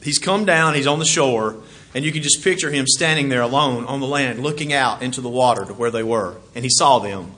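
A man preaching a sermon. He swings from loud exclamations to quiet asides, chuckles as he goes, and keeps asking his listeners questions. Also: medium pitch, fairly quick.

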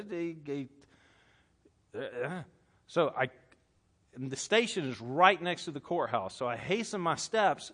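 Animated Southern preacher man. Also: on the high side, a little slow. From Southern United States. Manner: animated storytelling preacher, swinging between loud and hushed. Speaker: pastor. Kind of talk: sermon.

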